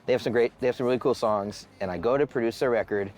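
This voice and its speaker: A man's voice: mid-range voice, quick pace, darkish tone. A man who runs a record label tells stories in a documentary interview. He swears freely and acts out the voices of the people he quotes.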